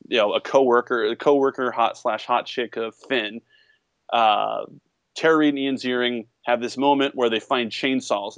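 A young man co-hosting a casual podcast, retelling a movie plot with lively, acted-out quotes. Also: medium pitch, no echo. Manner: animated storytelling, acts out quotes in a raised voice. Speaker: podcast co-host.

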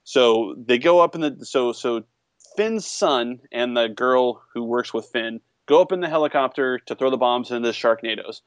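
Animated young man retelling a movie. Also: mid-range voice, moderate pace, smooth, no echo. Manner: animated storytelling, acts out quotes in a raised voice. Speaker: podcast co-host. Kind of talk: casual movie chat.

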